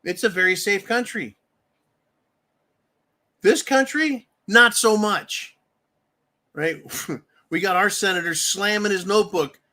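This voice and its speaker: A man's voice: sits high, takes it slowly, pauses often, sharp tone. A man hosting a profane political rant, angry and mocking, with frequent swearing. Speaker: political commentary host.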